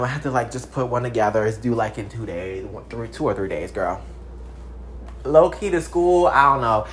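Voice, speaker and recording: A vlogger around thirty, from Texas, chatting casually to camera in an animated, profane way with big swings in pitch and loudness.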